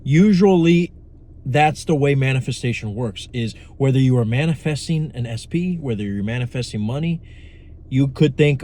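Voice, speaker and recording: A man's voice: mid-range voice, expressive, normal speed, dark tone. A young man giving a casual, profane, rambling talk on manifestation, blunt and full of asides. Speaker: manifestation coach. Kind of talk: casual monologue to camera.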